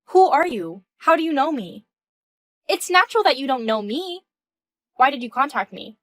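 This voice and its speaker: A woman's voice: high-pitched, very animated, moderate pace, a bit bright, dry recording. A woman in her thirties voicing a composed, indignant wife in a text-message story, firm and questioning. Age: 30s.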